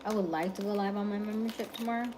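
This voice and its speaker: A woman in her late thirties hosting a livestream, talking with viewers in a calm, methodical, relaxed way. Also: medium pitch, noisy background. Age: 30s. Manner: calm, methodical, unhurried delivery. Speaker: livestream host.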